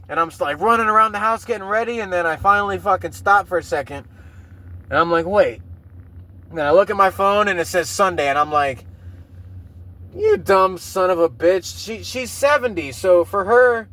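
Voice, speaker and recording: A man's voice: high-pitched, a bit bright. A man hosting a casual solo podcast, telling rambling, profane stories and laughing often. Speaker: podcast host.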